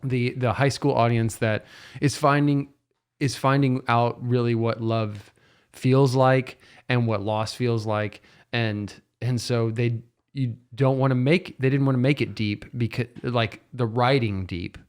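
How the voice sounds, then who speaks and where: A man in his thirties on a podcast, talking in a lively, laughing way with lots of false starts. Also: medium pitch, unhurried, clean tone. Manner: animated, laughing, lots of restarts. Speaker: podcast guest. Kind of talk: casual podcast chat.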